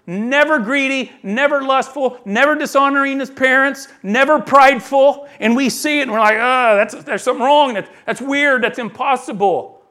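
A man preaching a sermon, reading scripture aloud and acting out the voices in it, swinging between quiet asides and loud emphatic lines. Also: very high voice, moderate pace, few pauses. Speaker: pastor.

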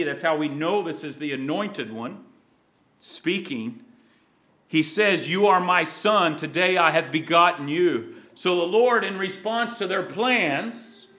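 A man preaching a sermon, dramatic, moving from loud emphasis to hushed, low lines.

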